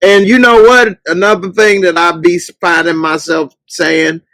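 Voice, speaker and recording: A man hosting a casual podcast livestream, chatting loosely and breaking into loud, mocking outbursts. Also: high voice, level tone, measured pace, no room sound. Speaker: podcast host.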